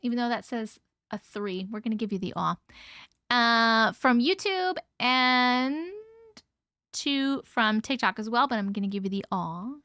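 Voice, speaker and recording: High-pitched bubbly woman chatting to her live stream chat, close dry mic. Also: lively intonation, measured pace, sharp tone, dry recording. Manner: bubbly, laughing, talks to chat by name. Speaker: livestream host reading viewer stories.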